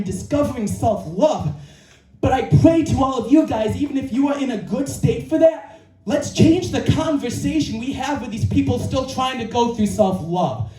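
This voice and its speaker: A man with a very high but mellow voice gives an earnest, emphatic motivational talk at a live event, often repeating his key phrases. He is picked up from a distance in an echoey room, with faint music behind him. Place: indoor creative venue, live audience.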